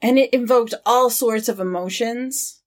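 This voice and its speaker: A woman co-hosting a movie podcast, reassuring and chatty, talking in quick bursts. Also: on the high side. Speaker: podcast co-host. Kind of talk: casual chat.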